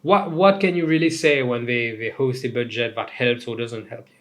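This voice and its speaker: Animated young man ranting casually. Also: mid-range voice, normal speed. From Mauritius. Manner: animated, swearing, rambling with asides and laughs. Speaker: host. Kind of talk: casual comedic commentary.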